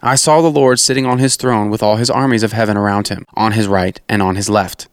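A man's voice: on the low side, fairly even intonation, fairly quick, smooth, no echo, studio quality, close to an everyday voice. A man reading aloud, playing a firm, defiant prophet in a scripture reading. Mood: solemn. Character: steadfast, defiant male prophet.

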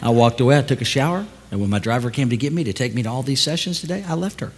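Older male pastor, storytelling sermon, quiet asides building to loud preaching, long church reverb, faint room noise. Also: mid-range voice, animated, rapid-fire. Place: large church hall.

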